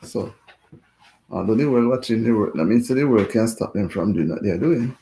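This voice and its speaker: A man's voice: fairly low pitch, lively intonation, moderate pace, warm tone, slight background noise. A man hosting a casual livestream chat, talking in a rambling, indignant way and repeating himself.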